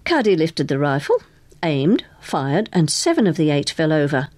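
A woman narrating a novel in an expressive way, giving each character a voice. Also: sits low, moderate pace, no echo. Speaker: audiobook narrator. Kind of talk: scripted narration.

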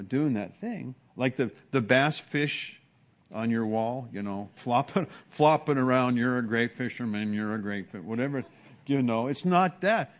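A man preaches an expository sermon conversationally, frequently restarting words and acting out hushed exclamations of awe. His voice is medium in pitch.

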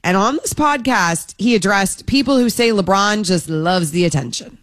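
A woman's voice: mid-range voice, animated, normal speed, dry recording. Sick woman on sports radio, jokey chatty co-host, dry close studio mic. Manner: chatty, joking, playful. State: feeling sick. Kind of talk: casual sports talk radio. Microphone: studio microphone.

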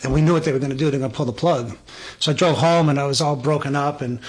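A middle-aged man telling a personal story in a casual conversation, earnest and emphatic, getting animated when he quotes people. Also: mid-range voice, fast talker, husky.

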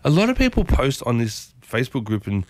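A man with an Australian accent hosting a morning radio show, talking in a chatty, animated way and often questioning his listeners directly. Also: medium pitch, a little fast, no room sound. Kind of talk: casual talk radio monologue.

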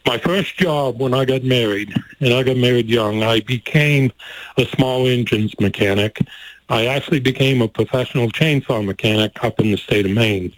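A man's voice: medium pitch, moderate pace, dry recording, low-quality recording. An older man telling a story from his youth in a folksy way, laughing often and getting emotional. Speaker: guest telling a life story. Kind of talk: personal storytelling.

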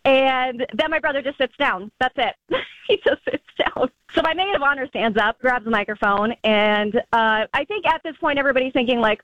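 A woman caller telling a story in a lively, casual way and laughing often. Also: high-pitched, normal speed, dry recording, dull audio.

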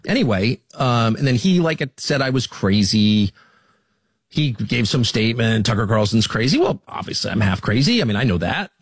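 Husky, emphatic man in an animated interview. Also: mid-range voice, moderate pace, no echo. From United States. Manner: emphatic, indignant, restarts and rising peaks. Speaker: interview guest, commentator. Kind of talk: heated conversational interview.

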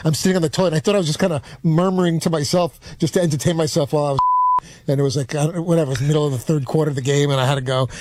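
Quick, rambling man from New York. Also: on the high side, fairly even intonation, a little mellow, no room sound. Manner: rambling, halting, self-deprecating. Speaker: show regular. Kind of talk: casual storytelling.

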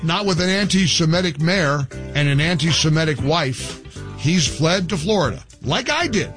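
With soft music in the background, a man with a slightly high voice talks at normal speed on his talk radio show. Broadcasting from the studio, he gives a heated, opinionated monologue, animated and riddled with restarts.

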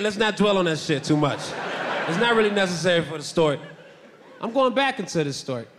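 A man doing a stand-up comedy set on stage, animated and breaking into loud shouted bits. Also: high-pitched, background noise. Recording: reverberant hall with faint ambience.

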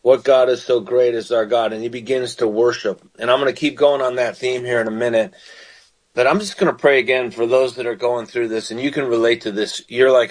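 A man's voice: medium pitch, fairly even intonation, brisk, poor audio. A man preaching on a call-in radio show, reading scripture aloud and explaining it in an earnest, repetitive way. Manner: earnest, repeats phrases, reads scripture aloud then explains it. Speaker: radio minister and host.

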